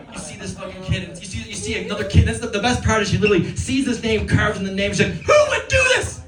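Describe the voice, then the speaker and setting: A man in his thirties from Newfoundland doing a fast, rambling, profane stand-up comedy set, often laughing at his own jokes. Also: high-pitched, steady tone, over music. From Newfoundland, Canada. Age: 30s. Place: comedy club stage. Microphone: stage microphone. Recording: roomy live club sound from a distance with loud crowd. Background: audience laughter.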